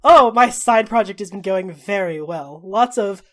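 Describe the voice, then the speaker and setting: A witty male mage noble with a dry, sardonic delivery, as a woman game master puts him on. He sounds slightly lower than the narrator. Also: expressive, unhurried, lightly acted.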